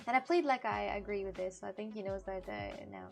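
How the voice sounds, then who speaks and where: A woman's voice: mid-range voice, huge pitch swings, fast, vocal fry, a little mellow, faint music behind. A woman streamer chatting casually with her live chat, laughing often and restarting her sentences. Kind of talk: casual IRL livestream chat.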